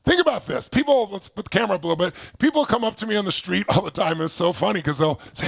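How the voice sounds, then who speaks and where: A man with a creaky voice coaches an online audience indoors over a video call, the sound clean and studio-like with no room sound. As a motivational speaker he is emphatic and energetic, rapidly questioning his listeners through exercises while swinging from loud to low and quiet.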